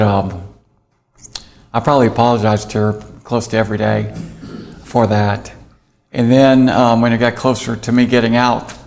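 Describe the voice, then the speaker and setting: Gravelly guy, mid pitch, blunt and self-mocking, laughs a lot as he tells it. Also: darkish tone. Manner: candid, self-mocking, laughs through his story. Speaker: guest. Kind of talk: storytelling interview.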